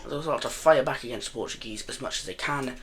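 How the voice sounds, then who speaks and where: There's slight background noise as a young man, speaking fast in a sharp, medium-pitched voice, narrates an alternate-history map game. His talk is loose and jokey, wandering off and frequently corrected mid-sentence.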